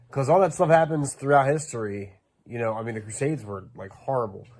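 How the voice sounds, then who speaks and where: A man calling in to a podcast, giving a laid-back, rambling answer full of likes and ums. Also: on the low side. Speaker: caller. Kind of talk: casual phone-in take.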